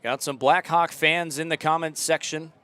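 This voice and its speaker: A young man calling a live soccer match outdoors, relaxed and chatty, and loud on close chances. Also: fairly high pitch, moderate pace, clear, resonant tone, soft background music. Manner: relaxed chatty commentary, rising to loud excited calls. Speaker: play-by-play commentator. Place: outdoor stadium.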